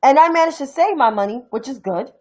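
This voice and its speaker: A woman's voice: high-pitched, animated, fast, mellow, rough recording. A young adult woman from New York City with a New York accent, giving a blunt, profane, heated political rant on her own stream. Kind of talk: ranting political commentary.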